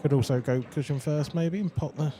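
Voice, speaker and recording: A man's voice: a little high, steady tone, brisk, background noise. A man co-commentating on a live pool match, explaining shots and positional play in an analytical way.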